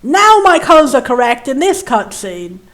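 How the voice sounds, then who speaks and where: High-voiced chatty woman playing a game. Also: big pitch swings, moderate pace, a bit bright. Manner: chatty and rambling, reads game text aloud in a lower, solemn voice. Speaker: let's play host. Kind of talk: casual gameplay commentary.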